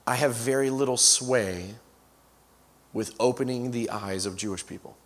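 A man's voice: medium pitch, normal speed. A man preaching as a guest speaker, telling stories with frequent restarts and asides. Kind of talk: storytelling sermon. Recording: long reverb of a large hall.

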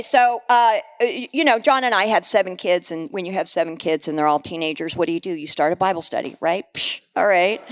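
A middle-aged woman preaching a sermon, animated and candid, mixing scripture with personal stories and laughing at herself. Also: medium pitch.

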